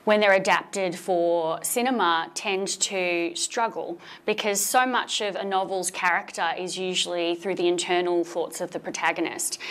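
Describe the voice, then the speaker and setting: A woman's voice: fairly low pitch, a bit bright. Chatty Australian woman reviewing a film. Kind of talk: casual chat.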